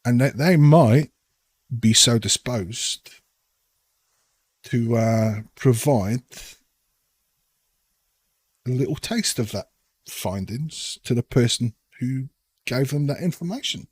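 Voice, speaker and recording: A man voicing a jovial, well-liked male townsman who bargains hard for profit, by turns booming and conspiratorial. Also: lively intonation, takes it slowly, pauses often, breathy edge, no room sound. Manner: boisterous, then leaning in to bargain.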